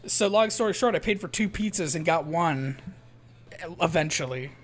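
Brief: young male co-host, rambling and profane, voice sits high. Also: expressive, moderate pace, fairly bright tone. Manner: rambling, profane, laughing between lines. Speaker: co-host of a gaming channel. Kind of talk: casual storytelling during a playthrough.

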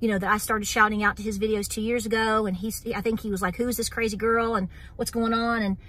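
A middle-aged woman from Southern Appalachia, with an East Tennessee accent, hosts a homestead channel and talks directly to her viewers in casual vlog style. Her slightly high voice is bright and forceful, yet delivered flat and fast. Earnest and wound up, she says y'all and keeps returning to "here's the deal."

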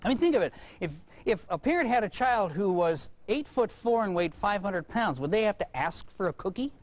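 At an ordinary pace and in a high-sitting voice, a parenting seminar speaker lectures through folksy anecdotes. He tells them with animation, performing each character's voice.

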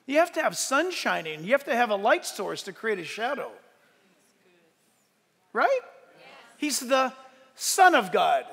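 Man, pastor, sermon, very high voice, animated preaching, long hall reverb. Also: gravelly. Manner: animated preaching, shouting at peaks, joking asides. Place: outdoor sunrise service.

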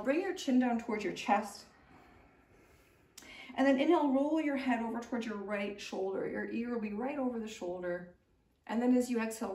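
Woman, young adult, yoga teacher, calm gentle guidance, distant mic, echoey room. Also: medium pitch, creaky. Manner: calm, gentle, soothing guidance with light laughs. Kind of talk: guided yoga instruction.

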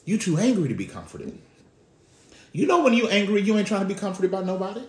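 A man preaching a sermon as pastor, talking in a conversational way with slang. His call-and-response delivery swings from hushed lows to shouting. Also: big pitch swings, fast talker, roomy sound.

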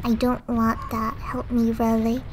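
A woman's voice: on the high side, monotone, unhurried, a little mellow, a little hiss or hum, lightly acted. Woman reading as a burning woman crying for help. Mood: desperate.

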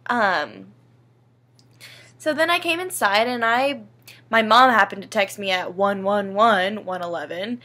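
A woman's voice: medium pitch, a little slow, sharp tone. A young woman vlogging in a casual, rambling, emotional way, swearing freely. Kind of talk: casual personal vlog.

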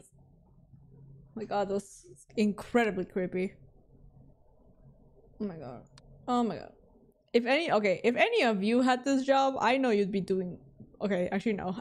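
A young woman streamer talking to herself through a horror game, jumpy and pleading, then joking at her own expense. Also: medium pitch. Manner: jumpy, talks to herself, pleading and self-mocking. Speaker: VTuber streamer.

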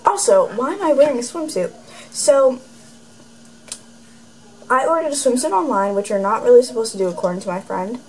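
Brief: teen girl vlogger, higher voice, rambling and sarcastic, filmed at home on camera. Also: expressive, moderate pace, long pauses, poor audio. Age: teens. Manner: rambling and sarcastic, heavy use of "like". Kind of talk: casual chatty vlog. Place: room at home, indoors. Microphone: camera facing her.

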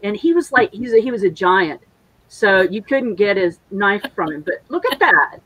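A woman's voice: medium pitch, animated, moderate pace, husky, no room sound, dull audio. A woman co-hosting a casual livestream, chatty and jokey, telling stories. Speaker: co-host.

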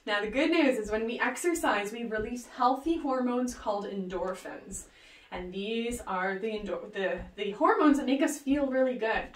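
Upbeat fitness instructor, roomy sound. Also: female voice, fairly high pitch, a bit bright. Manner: upbeat, cheering with whoops and countdowns. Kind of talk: leading a workout video. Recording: roomy, voice distant from the mic.

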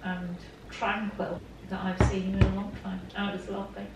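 A woman off to the side encouraging someone close to her, warmly supportive. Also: mid-range voice, level tone, fairly quick. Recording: echoey room with clear noise.

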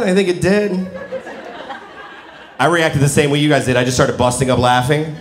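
A man's voice: fairly high pitch, normal speed, pauses often. Man in his forties doing stand-up. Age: 40s. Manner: animated storytelling, acting out quotes. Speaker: stand-up comedian. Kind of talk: stand-up comedy set. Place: comedy venue with a laughing audience. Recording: roomy live venue with audience noise.

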